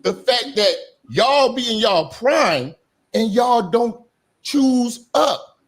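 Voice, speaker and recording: A man's voice: very high voice, lively intonation, slow. A man lecturing emphatically and repetitively in a heated streamed debate. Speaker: debate guest.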